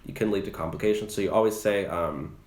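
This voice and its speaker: A man's voice: on the low side, quick pace, a little mellow, roomy sound. A young man giving casual advice about rideshare driving, chatty and loose with many fillers and restarts. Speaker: rideshare driver and channel host.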